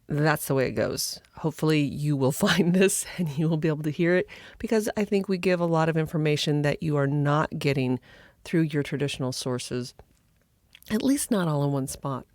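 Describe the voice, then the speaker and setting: A woman's voice: deep voice, normal speed, a little mellow, dry recording, clean studio sound. A woman hosting her own podcast in a chatty, friendly way, her voice froggy from just waking up. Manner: chatty and friendly, with little laughs. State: froggy morning voice. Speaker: podcast host. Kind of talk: casual podcast talk.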